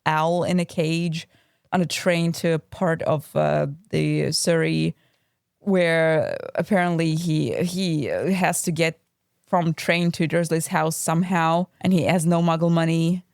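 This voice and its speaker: Woman cohost, smooth clear voice a bit on the low side, analytical, dry close mic. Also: fairly even intonation, takes it slowly, a little mellow, dry recording. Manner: analytical, shares looked-up facts. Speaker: podcast co-host. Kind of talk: casual book discussion.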